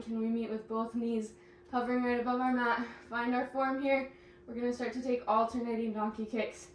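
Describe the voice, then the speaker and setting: A woman's voice: fairly high pitch, fairly even intonation, moderate pace, slight background noise. A young woman leading a pilates class, giving encouraging cues and getting out of breath as she exercises along. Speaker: pilates instructor. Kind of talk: instructing a workout class. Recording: echoey room, mic at a distance.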